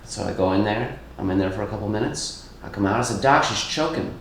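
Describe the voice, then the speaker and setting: A man's voice: on the low side, steady tone, fast, vocal fry, noisy background. A man co-hosting a comedy podcast, telling jokes in casual chat with many fillers and restarts. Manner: rambling storyteller with many fillers. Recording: echoey room.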